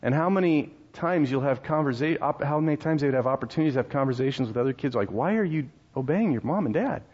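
A man's voice: medium pitch, animated, fast, a little mellow, slightly rough, dull audio. A male pastor in his thirties preaching a sermon in a conversational, storytelling way, with rhetorical questions and laughs.

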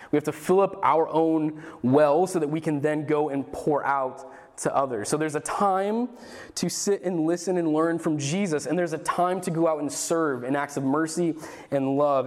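A man preaching a sermon in an earnest way, often restarting his phrases and briefly acting out frustrated voices. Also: on the high side. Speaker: pastor.

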